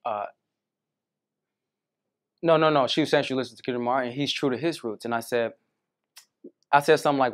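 A man coaching a student on dating, telling stories and acting out both sides of conversations. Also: mid-range voice. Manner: animated storytelling, acts out quoted women.

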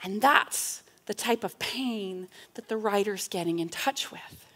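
A woman with a medium-pitched, slightly bright voice teaches a church class, giving a slow, earnest, reflective Bible talk. She often asks a rhetorical "right?" and reads psalm passages with feeling and rising intensity.

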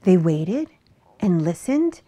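A woman reading a children's picture book aloud with an expressive, animated delivery. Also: fairly low pitch, slow pace. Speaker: storybook reader. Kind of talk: children's story read-aloud.

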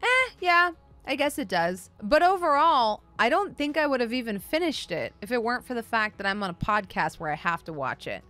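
A woman's voice: a little high, sing-song, a little fast, sharp tone, soft background music. A woman hosting a comic book show, giving a blunt, sarcastic and profane casual review.

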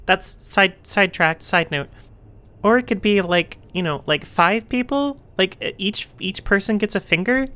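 A woman's voice: mid-range voice, moderate pace, a bit bright. Goofy woman playing a game on stream. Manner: goofy, chatty, talks to characters. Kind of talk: let's play commentary.

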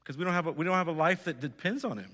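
A man's voice: on the high side, very fast, bright, forceful tone, big-room sound. A man preaching a sermon as pastor, earnest, repeating phrases and putting direct questions to his congregation. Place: church sanctuary.

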